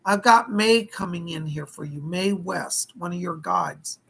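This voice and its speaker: A male psychic medium giving live-streamed readings, his hoarse voice rough and gravelly. He talks in a chatty, folksy way and thanks his viewers by name, with a husky edge under his words. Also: sits high, a little slow, bright, forceful tone, rough recording.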